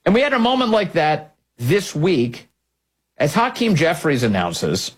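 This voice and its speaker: A man's voice: on the high side, big pitch swings, measured pace, slightly rough. A man hosting a political commentary show, delivering an emphatic, scornful monologue with repeated phrases.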